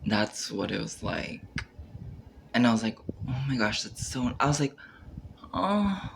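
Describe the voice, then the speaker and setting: A man's voice: on the low side, moderate pace, gravelly, slight background noise. A man rambling through a casual monologue on camera, full of filler words, acting out his own reactions and trailing off mid-sentence. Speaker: vlogger.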